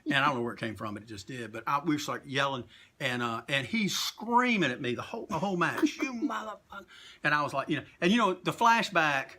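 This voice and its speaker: A man telling animated, profane stories as an interview guest, acting out what others said. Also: mid-range voice, fast. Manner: animated, profane, acts out quotes in raised voices. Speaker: guest, longtime wrestling fan. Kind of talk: casual storytelling interview.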